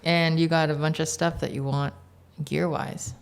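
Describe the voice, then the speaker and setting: A man with a gravelly, fry-tinged voice chats as a podcast guest. He keeps it playful and teasing and laughs often. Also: a little high, flat delivery, moderate pace. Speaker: podcast guest, pro mountain biker. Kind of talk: casual podcast chat.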